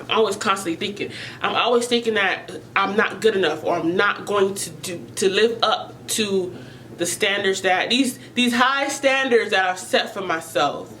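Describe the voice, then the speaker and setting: In a low-quality recording with slight background noise, a woman vlogger speaks earnestly and emotionally about mental health to her viewers. Her voice is mid-range and fairly bright, and she often repeats herself as she looks for words.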